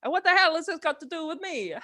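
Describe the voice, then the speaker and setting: A woman's voice: extremely high pitch, animated, fast, sharp tone, pitched above the performer's own voice, exaggerated voice. A woman reading the part of a flustered, beaten-up aging male film director in a live comedy script reading, stammering and laughing through her lines. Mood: pleading.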